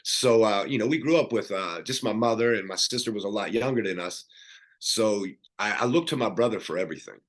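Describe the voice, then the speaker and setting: A man's voice: fairly low pitch, fairly quick. A middle-aged man, a podcast guest, earnestly telling his life story in casual conversation, rambling with fillers and restarts.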